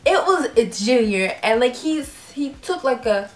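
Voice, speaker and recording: A young woman vlogger telling a story in a casual, animated way, acting out voices and laughing often. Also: a little high, unhurried, echoey room. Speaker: YouTube vlogger.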